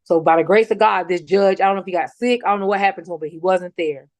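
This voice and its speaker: A woman's voice: on the low side, fast talker, dry recording. Outspoken woman telling a story. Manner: animated storyteller acting out quoted dialogue; blunt and outspoken. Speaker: guest, bereaved mother. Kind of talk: emotional personal account.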